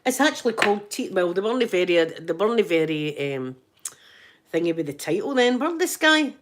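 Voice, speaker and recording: A woman's voice: mid-range voice, big pitch swings, moderate pace. A Scottish woman hosting an ASMR channel, chatting casually with live viewers in a giggly, joking, rambling way.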